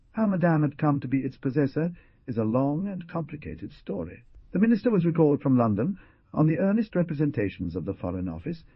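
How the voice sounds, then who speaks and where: A man narrating an audiobook in a dramatic, lively reading style. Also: mid-range voice, husky, no echo, dull audio. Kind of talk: scripted narration.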